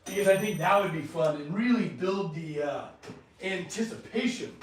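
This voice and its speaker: A man's voice: sits high, moderate pace, a little hiss or hum. A man streaming from his metal workshop, chatting loosely with viewers and fussing over his dogs. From California. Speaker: blacksmith streamer. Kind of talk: casual livestream chat.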